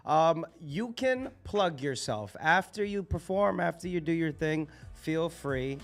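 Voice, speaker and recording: A man's voice: fairly high pitch, expressive, a little slow, soft background music. A man hosting a live open mic night, casual and hyped, swearing freely between acts. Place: live cafe event.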